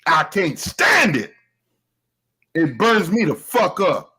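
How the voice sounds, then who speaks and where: A man's voice: high-pitched, huge pitch swings, takes it slowly, sharp tone, slightly rough, rough recording. A man hosting a show, delivering a heated, profane commentary rant with emphatic, laughing delivery.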